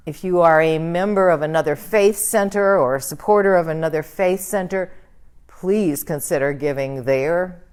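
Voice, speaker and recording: A woman minister leading a church service, guiding prayer and affirmations in a slow, soothing way. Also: low-pitched, darkish tone, clean tone. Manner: slow, soothing, leads the congregation in call-and-response. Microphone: livestreamed church service.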